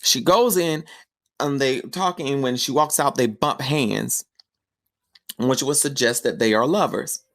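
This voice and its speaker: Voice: mid-range voice, unhurried, fairly bright tone. A podcast host giving a casual, chatty film review recap, telling the story with slangy asides.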